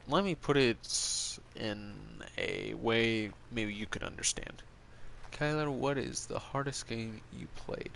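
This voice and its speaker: Slow, low-voiced man chatting on stream. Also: creaky, fairly bright tone, a little hiss or hum. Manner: rambling, opinionated, full of fillers. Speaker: streamer answering chat. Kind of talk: casual livestream chat.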